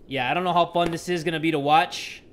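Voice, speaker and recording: A young man giving joking let's-play commentary, excitable and crude, with sudden loud outbursts. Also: on the high side, fast, slight background noise. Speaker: gaming YouTuber.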